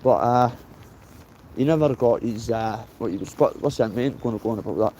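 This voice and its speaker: In a mellow, fairly quick mid-range voice, a blunt late-thirties Scotsman with a Dundee accent vlogs on a rainy walk, cursing readily and saying "mate" after nearly every phrase. A little hiss or hum is audible.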